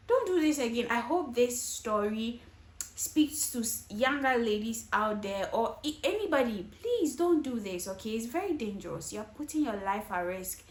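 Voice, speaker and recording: A woman's voice: on the high side, reverberant. A woman hosting a reaction video, giving earnest warnings in casual commentary and often asking "okay?". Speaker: host reacting to clips.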